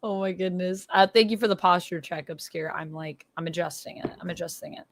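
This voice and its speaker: A woman's voice: lowish voice, fairly even intonation, brisk. A woman hosting a casual comics livestream, talking chattily with many fillers. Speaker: livestream host. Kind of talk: casual chat.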